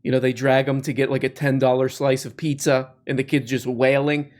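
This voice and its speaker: A man's voice: medium pitch, little pitch movement, fairly quick, a little mellow. A man hosting a podcast, giving casual, sarcastic comedic commentary on video clips. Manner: sarcastic, mocking. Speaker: podcast host.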